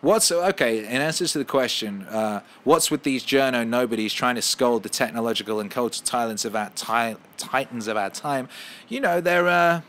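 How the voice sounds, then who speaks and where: A man hosting a casual podcast at home, ranting with heavy swearing and loud heated outbursts. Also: mid-range voice, normal speed. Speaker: podcast host.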